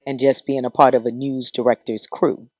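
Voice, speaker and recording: A middle-aged woman telling stories as a podcast guest in a dry studio. She talks in a lively, animated way and acts out the people she quotes. Her voice sounds like that of a radio personality. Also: rumbling low, moderate pace, no echo. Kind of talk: casual podcast storytelling.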